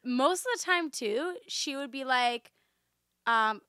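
Lively, giggly woman podcast co-host. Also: high-pitched, slow pace, smooth, no room sound, clean studio sound. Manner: animated, giggly, chatty. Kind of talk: casual book chat.

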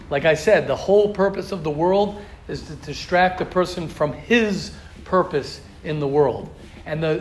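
A middle-aged American man giving an informal religious lecture to a group in a study hall, animated and repetitive, acting out quoted speech. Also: a little high. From United States. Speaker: Torah class teacher. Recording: roomy hall, faint ambient noise.

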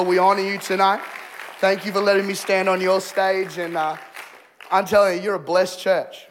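Hoarse male preacher, high pitch, playful and energetic, church stage mic. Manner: energetic, joking, bursts into loud exclamations. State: hoarse, losing his voice. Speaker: guest preacher. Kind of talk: sermon. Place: church stage before a congregation.

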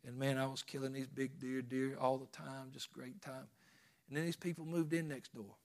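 A man's voice: medium pitch, level tone, moderate pace. Pastor, middle-aged man, folksy sermon storytelling with surging emphasis.

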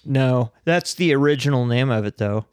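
A man's voice: mid-range voice, moderate pace, clean tone, dry recording, studio quality. A man co-hosting a casual chat over beers, rambling and laughing at himself as he acts out angry voices in his stories. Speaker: podcast co-host.

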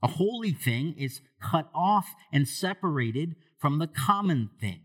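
A man preaching a sermon as pastor to a church congregation, asking them questions and moving between hushed low lines and raised loud ones. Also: animated, unhurried, slightly rough.

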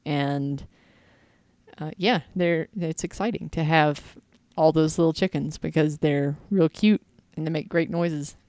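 A woman's voice: low-pitched, steady tone, a little slow, darkish tone, dry recording. A woman co-hosting a casual podcast who laughs easily and tells rambling stories. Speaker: podcast co-host. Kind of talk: casual chat.

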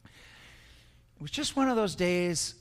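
Older man, preacher, higher voice, earnest, emotional storytelling, repeats phrases, echoey hall. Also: lively intonation, slow pace. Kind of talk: sermon with personal story.

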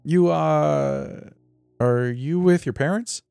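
A desperate young man in a prince costume, pleading with a strained, halting catch in his voice, as a male narrator puts him on. He sits a little higher than a deep storyteller's usual register, over faint music, in a creepy storybook reading. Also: gravelly, dark tone, clean tone, no room sound, clean studio sound. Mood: awkward.

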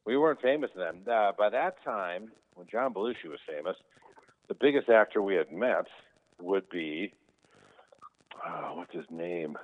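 A man, a guest on the line, tells casual, lively stories about his brother, often acting out other people's words in a raised voice. His voice sits low and his pace is measured. The audio sounds tinny, like a phone line.

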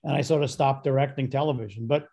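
A man's voice: medium pitch, fairly even intonation, fast talker, gravelly, mellow. An older man, a guest director, telling a long rambling story and acting out the voices of the people in it.

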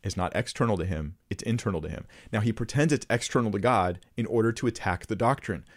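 A man giving casual, earnest commentary on clips he plays, with rhetorical questions and quick restarts. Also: on the low side. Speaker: Christian commentator.

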